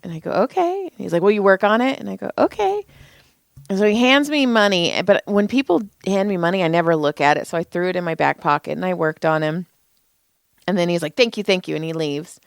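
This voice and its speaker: A woman's voice: fairly low pitch, fast talker, gravelly, no echo, clean studio sound. A woman co-hosting a podcast, casually telling a comic story and acting out each person's lines in it. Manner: animated, acts out everyone's lines in her stories; frequent laughter and swearing. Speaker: podcast co-host.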